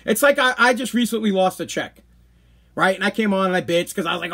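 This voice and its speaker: Husky, high-voiced man telling a story. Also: fast, fairly bright tone. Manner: blunt, profane, worked-up. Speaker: podcast host. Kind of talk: casual storytelling.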